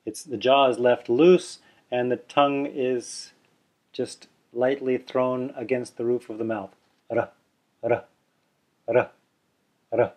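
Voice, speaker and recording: A man's voice: mid-range voice, fairly even intonation, a little slow, a little mellow. A man teaching a pronunciation lesson on video, patiently explaining and demonstrating sounds aloud, sometimes correcting himself in a casual way. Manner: self-correcting, casually chatty. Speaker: language teacher. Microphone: camera mic, seen on video. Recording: dull lo-fi video audio.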